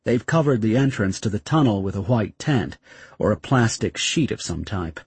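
Husky, dry-sounding male narrator for a tense first-person story. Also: fairly low pitch, expressive, moderate pace, a little mellow, no echo. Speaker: audiobook narrator.

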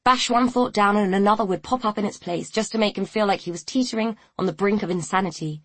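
A woman reading a novel aloud in a measured, even storytelling manner. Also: medium pitch, no echo. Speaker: audiobook narrator. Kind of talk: scripted narration.

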